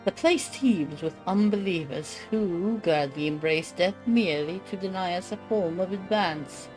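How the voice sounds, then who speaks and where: A woman's voice: lowish voice, a little mellow, poor audio. A woman voicing a stern noble male knight lord in a put-on British accent, reading game dialogue in a formal, stately way.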